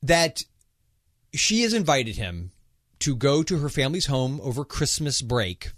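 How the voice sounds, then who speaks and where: A man hosting a casual movie podcast, telling the story with jokes and a playful, animated delivery. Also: medium pitch, unhurried, no room sound, clean studio sound. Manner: joking, animated storytelling with playful put-on accents. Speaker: podcast host.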